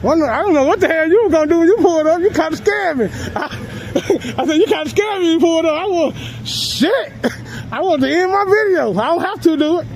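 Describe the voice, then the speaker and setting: A man with a very high voice talks back casually on the street, brash and taunting, swearing freely and breaking into laughter. He is outdoors on a sidewalk, caught on the camera he holds, with a faint hum of traffic behind him. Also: animated, moderate pace, hardly any pauses, rough recording. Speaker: citizen filming police.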